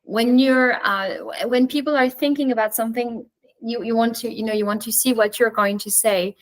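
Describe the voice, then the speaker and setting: A woman's voice: fairly high pitch, moderate pace, low-quality recording. French woman chatting as guest teacher. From France. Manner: chatty, thinks aloud with frequent restarts. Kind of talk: casual teaching chat. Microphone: video call.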